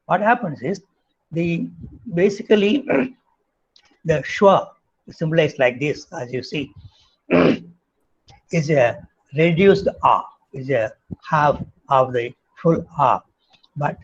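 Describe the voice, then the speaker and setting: A man with an Indian English accent lectures on phonetics at a slow, deliberate pace, his voice husky and a little breathy. He stops often on fillers and says example sounds aloud, and the recording sounds dull and lo-fi. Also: fairly high pitch. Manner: halting, many fillers, models sounds aloud.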